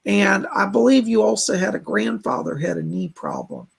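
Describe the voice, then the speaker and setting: A man's voice: high voice, wildly swooping pitch, moderate pace, gravelly, slightly rough. A man hosting a live stream, giving chatty psychic readings and relaying spirit messages with plenty of fillers. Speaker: psychic reader and host.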